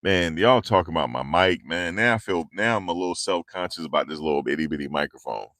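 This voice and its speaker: A deep-voiced, slightly bright livestream host talks at a quick pace, joking around and reading and answering comments from viewers. He hails from the tri-state area around New York, speaks into a handheld lavalier clip mic, and the recording is dry and studio quality.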